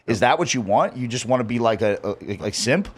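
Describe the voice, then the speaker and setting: A man's voice: mid-range voice, lively intonation, fairly quick, breathy edge. A man in a casual conversation who talks in a rambling, reflective way, often repeating his words.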